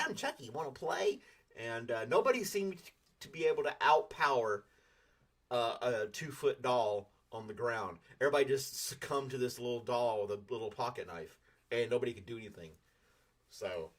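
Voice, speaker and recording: A man with a Southern US drawl chats over his morning coffee. His talk is loose and rambling as he greets viewers by name and wanders from one thought to the next. The voice sits at an ordinary middle pitch for a man. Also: a bit bright. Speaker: host. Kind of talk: casual morning livestream chat.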